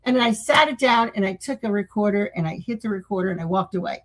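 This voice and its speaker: A woman's voice: fairly high pitch, animated, fast, few pauses, fairly bright tone, low-quality recording. An older woman, a guest on a talk show, telling stories in a rambling way with many restarts and acted-out quotes. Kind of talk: casual interview storytelling.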